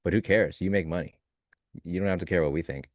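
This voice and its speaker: A man co-hosting a live trading stream, talking in a loose, joking way and thinking out loud in fragments. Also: deep voice, quick pace, dry recording, studio quality. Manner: loose, joking, talks through ideas in fragments. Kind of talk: casual live-stream chat.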